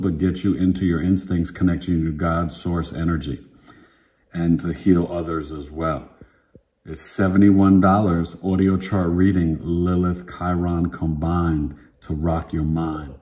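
Astrologer, man, 50s, low voice; punchy slangy monologue, repeats himself for emphasis. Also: fairly even intonation, a little slow, dark tone. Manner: emphatic, repetitive, street slang. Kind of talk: casual direct-to-camera monologue.

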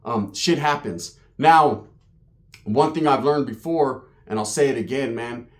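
A man's voice: medium pitch, measured pace. A man from Merced, California, telling a street story to his channel in casual, profane, slang-heavy talk. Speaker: YouTube storyteller.

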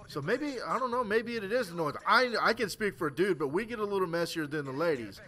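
A man's voice: sits high, expressive, quick pace, few pauses, bright, forceful tone. A tired man doing casual game commentary, rambling crudely and stammering through restarts. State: tired late at night. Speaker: gameplay commentator.

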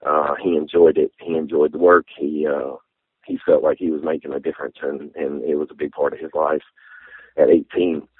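A man, telling a personal testimony in an interview, halting and heartfelt, with many fillers. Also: rumbling low, flat delivery, husky, no room sound. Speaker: interview guest. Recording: tinny phone-like sound.

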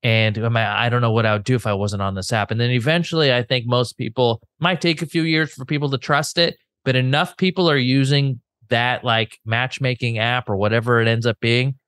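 A man's voice: medium pitch, a little fast, few pauses, fairly bright tone, clear, resonant tone, dry recording, clean studio sound. A man co-hosting a podcast, musing in an easygoing way and thinking aloud with fillers. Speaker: podcast co-host. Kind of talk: casual podcast chat.

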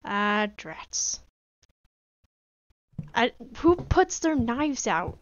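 A woman's voice: on the high side, big pitch swings, extremely slow, long pauses, dull audio, a little hiss or hum. A woman casually commenting on a game she plays, chatty and joking, talking to herself as she goes. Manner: chatty, talks to herself while playing, jokey pleading. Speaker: gaming video creator. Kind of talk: casual let's-play commentary.

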